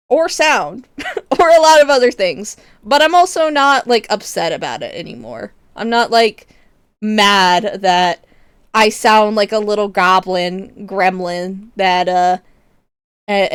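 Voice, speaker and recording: A young adult woman streamer chatting casually with her viewers, expressive and laughing often, with casual swearing. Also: a little high, clean tone, dry recording.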